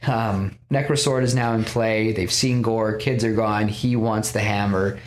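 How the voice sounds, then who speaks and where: Low-voiced man rambling through a film retelling. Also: steady tone, a little slow, a little hiss or hum. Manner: rambling retelling with restarts and quoted lines. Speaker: podcast host pitching a film. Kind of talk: casual podcast chat.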